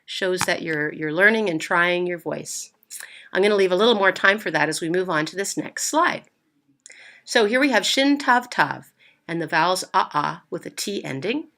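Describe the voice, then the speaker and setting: A woman's voice: on the low side, expressive, normal speed, sharp tone. A woman teaching beginners to read, patiently sounding out each word and repeating it, with a few playful asides. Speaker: Hebrew reading teacher. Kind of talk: slow step-by-step reading lesson.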